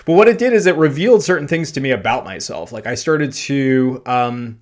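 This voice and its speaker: A man hosting a podcast, telling a personal anecdote in a loose, animated way, full of fillers and self-deprecating laughter. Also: medium pitch, normal speed. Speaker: podcast host. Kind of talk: storytelling monologue.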